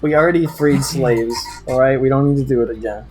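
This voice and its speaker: A man's voice: mid-range voice, fairly even intonation, fast, a little mellow, soft background music. Rambling man running a tabletop game. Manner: loose, rambling narration with many fillers. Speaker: game master.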